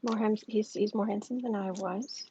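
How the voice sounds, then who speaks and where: A woman at home talks through a psychic tarot reading on a livestream. She answers viewers' chat in a halting, chatty way full of fillers. The audio is dull and lo-fi, with a faint hiss underneath. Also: mid-range voice, steady tone, warm tone. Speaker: tarot reader and livestream host.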